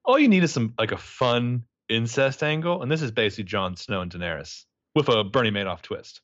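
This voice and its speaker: A man co-hosting a podcast, chatting in an animated, joking way about a TV show. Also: medium pitch, fairly quick, dull audio. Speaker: podcast co-host recapping a TV show. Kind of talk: casual chat.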